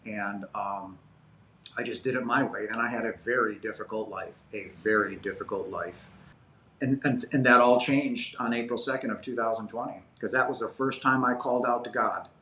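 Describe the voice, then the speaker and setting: A man's voice: lowish voice, normal speed, pushed and bright, slight background noise. Earnest rambling man in a roomy echo. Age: 50s. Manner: earnest, rambling, many "you know" fillers. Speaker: interview guest. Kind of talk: personal storytelling in an interview.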